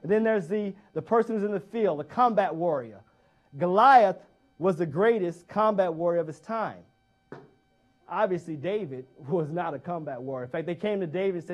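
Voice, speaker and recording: At a moderate pace, a fairly high-voiced man gives an emphatic motivational talk. Repetition of key phrases drives each point in, and he regularly addresses his listeners with pointed questions.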